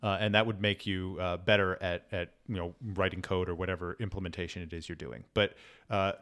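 A man in casual conversation as a podcast co-host, explaining points in a measured way with repeated words. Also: low-pitched, flat delivery, fairly bright tone.

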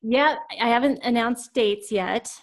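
A woman's voice: on the high side, measured pace. A woman from Colorado co-hosting a casual talk, earnest and encouraging, swearing now and then. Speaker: podcast co-host, tarot teacher. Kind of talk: casual chat.

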